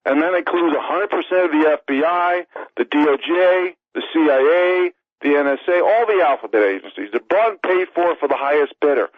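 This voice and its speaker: A man's voice: a little high, dry recording. Winded man in his sixties from New York City, phoning in a fervent political speech; dry, lo-fi phone sound. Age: 60s. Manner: emphatic, rapid-fire list of demands. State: out of breath. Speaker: radio show guest, author. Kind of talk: impassioned political call-in monologue. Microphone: phone call. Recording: tinny phone line.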